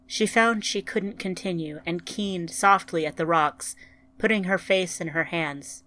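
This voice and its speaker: Woman narrator, lower voice, slow and somber storytelling. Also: fairly even intonation, a bit bright.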